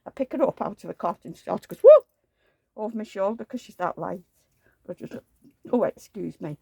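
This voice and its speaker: A woman's voice: mid-range voice, expressive, moderate pace, vocal fry, mellow, slightly rough, no room sound. A woman, rambling through homely anecdotes in a chatty vlog and acting out the dialogue. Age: 70s. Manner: rambling anecdotal storytelling, acts out quoted dialogue. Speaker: reborn doll collector.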